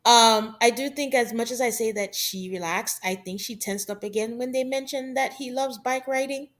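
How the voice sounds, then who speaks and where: A woman's voice: on the high side, moderate pace. A woman co-hosting a podcast, chatting casually through a reality-show recap and laughing often. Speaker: podcast co-host.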